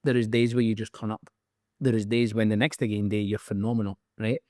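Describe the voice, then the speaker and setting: A man's voice: on the low side, little pitch movement, brisk, mellow, no room sound, studio quality. A man with a Scottish accent, a band's songwriter, talking frankly and casually in an interview. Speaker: band songwriter.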